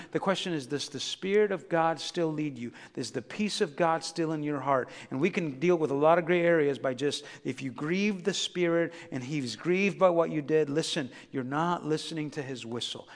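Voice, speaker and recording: A middle-aged man preaches a sermon in a church. His voice sits high and rings out with a long reverb from the hall. He swings from loud, rising exhortation down to quiet, hushed storytelling. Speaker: pastor. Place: church sanctuary.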